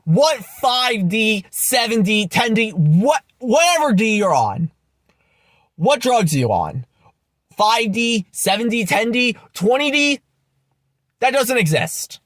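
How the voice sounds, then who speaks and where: Speaking a little slowly, the young host of his own channel delivers a furious, sneering monologue laced with profanity and repetition. His high voice is sing-song and fairly bright, with a dry recording.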